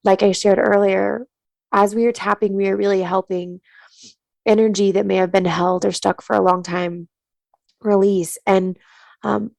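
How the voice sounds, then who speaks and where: A woman coaching a listener through a tapping exercise in a calm, soothing, slow voice, then explaining her practice. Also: medium pitch, gravelly, no echo. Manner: gentle affirming murmurs while listening. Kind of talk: guided tapping meditation and interview answers.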